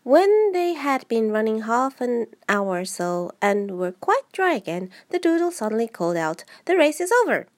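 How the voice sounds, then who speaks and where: A woman's voice: on the high side, big pitch swings, moderate pace, hardly any pauses. A woman with a head cold, reading a children's book aloud in English, with frequent slips and restarts. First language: Japanese. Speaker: amateur reader.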